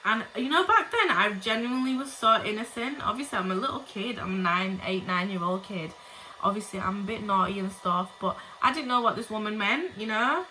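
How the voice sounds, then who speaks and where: A woman's voice: medium pitch, brisk, bright, forceful tone, a little hiss or hum, poor audio. A young woman telling casual storytime tales to her viewers, blunt and full of swearing and chatty asides. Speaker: vlogger.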